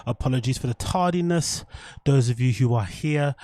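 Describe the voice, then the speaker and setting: A man's voice: medium pitch, moderate pace, a little mellow, dry recording, clean studio sound. A man hosting a casual livestream, talking loosely to his viewers in slang and with plenty of swearing. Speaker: livestream host. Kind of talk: casual rambling livestream chat.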